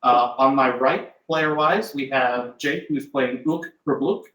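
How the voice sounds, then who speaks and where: A game master at a live-streamed table recaps the last session in a loose, rambling way, full of hesitations and little chuckles, speaking slowly in a sharp tone at an ordinary middle pitch. He uses a desk mic with an in-ear monitor, and the shared room where the players sit gives the sound a roomy echo.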